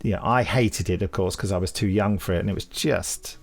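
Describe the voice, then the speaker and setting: A man's voice: low voice, a little fast, vocal fry, faint music behind. A man co-hosting a casual podcast chat, enthusiastic and theatrical. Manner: enthusiastic, theatrical, sings and does voices. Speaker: podcast co-host.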